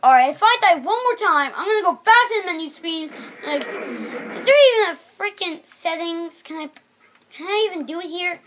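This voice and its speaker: A woman commenting on her own gameplay, excitable and frustrated, pleading with the game. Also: very high voice, moderate pace, poor audio. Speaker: game player.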